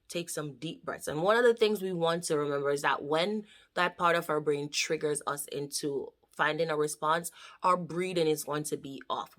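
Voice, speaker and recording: Low-voiced woman explaining counseling crafts. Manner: animated, acts out panicky inner voices with laughs. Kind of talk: casual instructional vlog.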